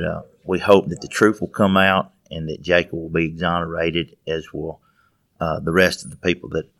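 Very deep, flat-voiced man. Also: no echo, studio quality. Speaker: guest, father of the subject. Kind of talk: interview answers.

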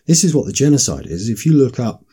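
A man's voice: mid-range voice, very animated, quick pace, warm tone, husky. A man delivering an emphatic, insistent monologue with frequent restarts. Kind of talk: political monologue.

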